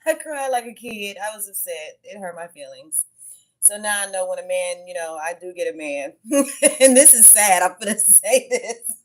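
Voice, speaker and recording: A woman who hosts a tarot channel talks loosely on a livestream. She tells her story in a frank, swearing, unfiltered way, at a middle pitch for a woman. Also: animated, normal speed. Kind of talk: casual livestream chat.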